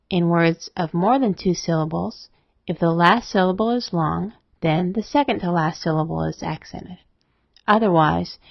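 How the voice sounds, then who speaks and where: A woman narrating a scripted spelling lesson, explaining rules in a steady, methodical way. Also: lowish voice, vocal fry, no room sound. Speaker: spelling teacher. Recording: dry, dull lo-fi voice-over.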